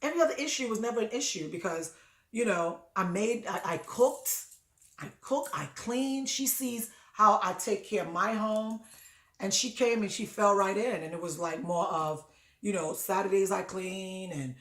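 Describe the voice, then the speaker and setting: A woman hosting an advice show, telling a personal story in a conversational, animated way that lifts high when she quotes herself. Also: moderate pace. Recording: echoey room.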